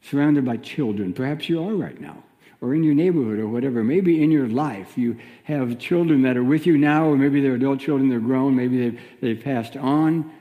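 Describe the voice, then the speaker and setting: A man giving a sermon as a minister, teaching in a gentle, reflective way with pauses. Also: mid-range voice, big-room sound, narrow, tinny audio.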